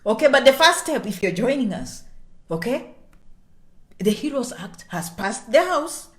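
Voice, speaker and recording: Animated woman slipping into whispers. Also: on the high side, unhurried. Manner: checks in with "okay?" constantly; drops into half-whispers for sensitive points. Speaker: immigration vlogger. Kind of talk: casual explainer to viewers.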